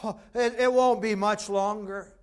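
Simeon, a preacher voicing an awed old prophet. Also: male voice, high-pitched, fairly even intonation, unhurried, clear, resonant tone. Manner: folksy, breathless wonder.

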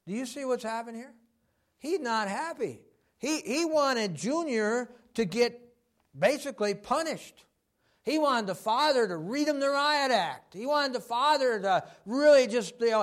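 A man preaching a sermon, animated, acting out quoted voices with many fillers. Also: very high-pitched, unhurried.

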